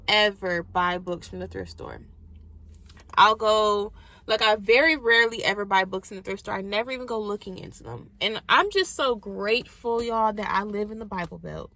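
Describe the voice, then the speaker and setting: A woman's voice: fairly high pitch, sharp tone, rough recording. A young woman, telling her personal faith story in casual, emphatic talk and calling her viewers y'all. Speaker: vlogger and book recommender. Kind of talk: casual faith testimony to camera.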